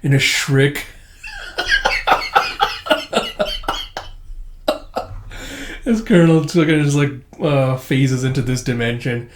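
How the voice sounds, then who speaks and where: Casual male comic reader, rambling retell, mid pitch, echoey room. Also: moderate pace, few pauses, a little hiss or hum. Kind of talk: casual comic read-through. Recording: roomy echo.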